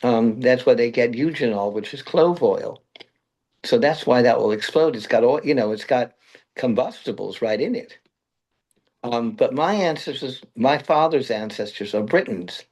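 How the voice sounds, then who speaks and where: A man's voice: medium pitch, moderate pace, darkish tone. A man from Brooklyn, a guest in an interview, telling long rambling anecdotes and laughing at his own stories. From Brooklyn, New York. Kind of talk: interview conversation.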